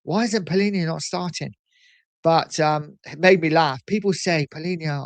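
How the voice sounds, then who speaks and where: A man hosting a casual livestream, reading out viewer comments in a chatty, animated way with frequent ums. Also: on the high side, normal speed, no echo. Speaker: livestream host reading chat. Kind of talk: casual live chat.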